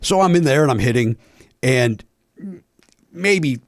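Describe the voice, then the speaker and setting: Speaking a little slowly in a medium-pitched voice, this man hosts a podcast and tells a story in casual conversation. He's animated, performs the quoted dialogue, and swears; the studio-quality recording has no echo.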